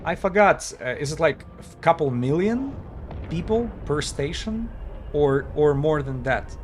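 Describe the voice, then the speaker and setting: A man casually talking while he streams a game, halting and chatty, with many fillers and restarts. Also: a little high, animated, a little hiss or hum. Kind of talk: casual live-stream commentary.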